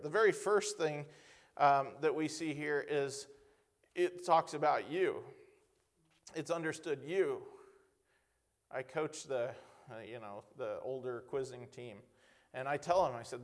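A man with a slightly high voice preaches a conversational sermon, posing rhetorical questions to the congregation and reading scripture slowly and with emphasis.

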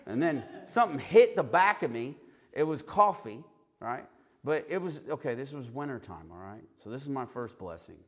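In a mid-range voice at a moderate pace, a street preacher weaves his personal testimony into a sermon, animatedly acting out the lines he quotes.

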